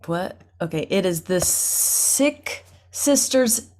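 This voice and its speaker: Slow, playful woman coaching a warm-up. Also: lowish voice, expressive. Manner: playful, laughs often, slow and encouraging. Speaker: acting coach. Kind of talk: guided vocal warm-up over video call. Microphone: video call.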